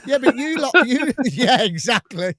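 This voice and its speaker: Male co-host, very animated intonation, dry close sound, acts out the dialogue in his stories. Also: extremely high pitch, measured pace, no echo. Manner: animated storyteller acting out dialogue, laughing often. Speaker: podcast co-host. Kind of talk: casual anecdote telling.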